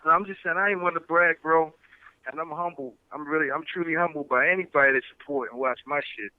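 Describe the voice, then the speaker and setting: A man's voice: on the high side, fast talker, smooth, dry recording, narrow, tinny audio. A man in a casual livestream chat, ranting in a streetwise way and bragging about his channel while calling himself humble. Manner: boastful yet humble-claiming, streetwise rant.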